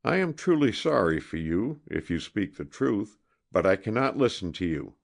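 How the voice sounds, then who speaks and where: A proud young woman in a storybook, cold and defiant when she refuses a man, as a low-voiced male narrator puts her on. Her lines rise above the reader's usual register but still carry a deep, lively tone. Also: moderate pace, gravelly, heavily acted. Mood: firm. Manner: cold, firm and indignant. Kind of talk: audiobook character reading.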